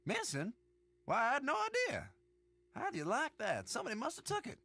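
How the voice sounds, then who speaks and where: A folksy old country shopkeeper. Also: male voice, sits high, wildly swooping pitch, a little fast, bright, forceful tone, breathy edge, no room sound, full character voice. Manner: drawling, chatty, dodging questions. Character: folksy older male rural shopkeeper, evasive. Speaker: game character.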